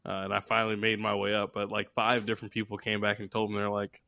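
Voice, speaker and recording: A man's voice: lowish voice, completely flat delivery, fast, gravelly, hardly any pauses, pushed and bright, no room sound. A man co-hosting a podcast, chatting in an easygoing, agreeable way. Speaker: podcast co-host. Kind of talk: casual chat.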